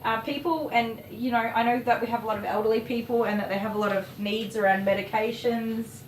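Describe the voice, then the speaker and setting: A woman's voice: on the high side, fairly even intonation, brisk. A woman chatting casually and rambling while she works as a dog groomer on a livestream. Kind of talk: casual chat while working. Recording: roomy, distant mic, faint noise.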